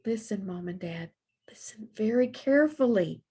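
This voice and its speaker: A woman voicing a gentle, timid male dog who talks softly and earnestly in a storybook reading. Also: fairly high pitch, expressive, unhurried, breathy edge. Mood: hushed pleading.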